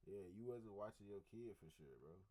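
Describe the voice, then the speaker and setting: A man's voice: fairly low pitch, expressive, a little fast, a little mellow, low-quality recording. A man giving blunt, slangy reaction commentary on stream, repeating himself and acting out what he would have said.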